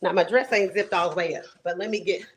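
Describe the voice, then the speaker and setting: A woman's voice: on the low side, fairly even intonation, fast talker, a crowd in the background. A woman in her forties from Houston with a Texan country accent, chatting casually as a caller on a show. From Houston, Texas. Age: 40s. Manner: chatty, talks while busy. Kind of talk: casual call-in chat.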